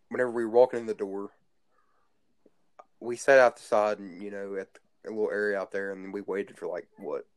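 A man's voice: fairly low pitch, clean tone, dry recording, studio quality. A teenage boy telling rambling stories in casual chat, crude and swearing constantly. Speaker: guest storyteller.

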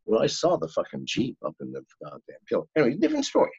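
A man's voice: mid-range voice, fast talker, gravelly, husky, no echo. Profane older man telling wild stories. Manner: profane, animated storyteller. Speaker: podcast guest. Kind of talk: casual storytelling. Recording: dull, lo-fi, dry sound.

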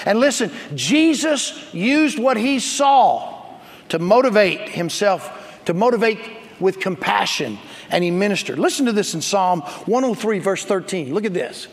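A male pastor preaching a sermon, building to shouts and calling on the congregation to respond. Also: high voice, expressive, moderate pace, long reverb tail.

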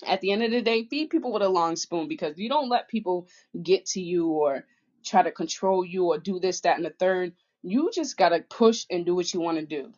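A woman's voice: fairly low pitch, expressive, a little fast, darkish tone. Woman vlogger, candid and emotional, plain-spoken, muffled lo-fi recording. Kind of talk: personal vlog monologue. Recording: dull lo-fi audio.

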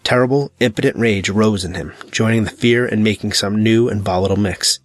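Low-voiced man reading a dark novel. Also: a little fast, no room sound. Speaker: audiobook narrator. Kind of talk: scripted narration.

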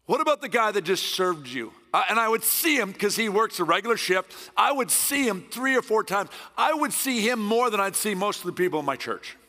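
A middle-aged man from Southern California, a guest pastor preaching a sermon in a loud, intense, passionate way. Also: sits high, lively intonation, fairly quick, hardly any pauses. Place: church hall. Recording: long church hall reverb.

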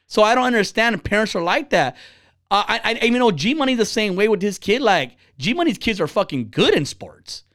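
Speaking a little fast, a man in his thirties tells animated, blunt stories laced with profanity during a casual chat. He mimics the people he quotes, jumping widely in pitch, and the studio-quality recording is dry.

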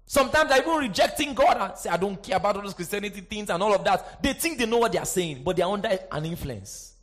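A male preacher with a high voice delivers a lively sermon. He surges into shouted, sing-song refrains and then drops to hushed, confiding asides, checking in with the congregation again and again. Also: quick pace. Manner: asks the congregation for response, sing-song emphasis.

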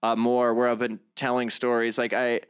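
A man's voice: medium pitch, monotone, clean tone. A young man, a comedian and activist, talking earnestly in an interview, stopping and restarting his sentences often. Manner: halting, many restarts and fillers, earnest. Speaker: guest, comedian and activist vlogger. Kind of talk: conversational interview.

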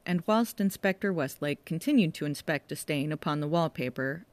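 Low-voiced woman narrating a novel. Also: no room sound. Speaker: audiobook narrator. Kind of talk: scripted narration.

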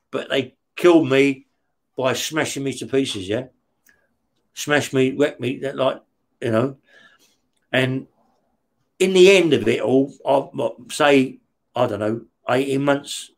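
A man from West London with a London accent, a guest in an interview, telling his story in casual talk, swearing often and checking in with "yeah?". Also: medium pitch. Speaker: interview guest, former prisoner.

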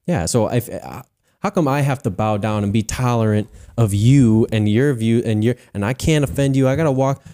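A man's voice: mid-range voice, moderate pace, mellow. A man talking as a guest in a casual faith chat, emphatic and opinionated.

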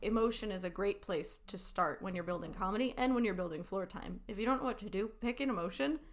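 A woman's voice: medium pitch, quick pace. A woman teaching assistant with an improv background, talking expressively and laughing easily in a casual interview.

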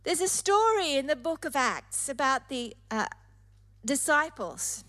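A woman's voice: high voice, very animated, a little slow, pushed and bright. A woman preacher delivering an emphatic sermon, stressing points through repetition. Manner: emphatic, repeating phrases for effect.

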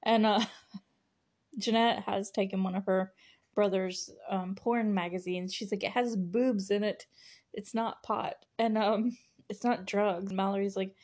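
A woman's voice: medium pitch, steady tone, measured pace, darkish tone. A young woman hosting a podcast, recapping an episode in a casual, chatty way with lots of giggles and fillers. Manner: chatty, giggly, full of "like" and "you know". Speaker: podcast host.

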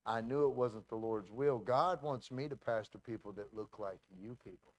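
A man pastor telling a story in a sermon, animated and full of restarts and acted-out quotes. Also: mid-range voice, moderate pace, no echo.

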